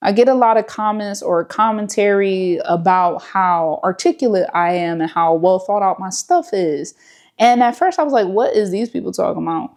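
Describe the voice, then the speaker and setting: A woman YouTuber sitting in front of her camera, chatting casually and relaxed with slang and fillers as she gives advice. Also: medium pitch, moderate pace.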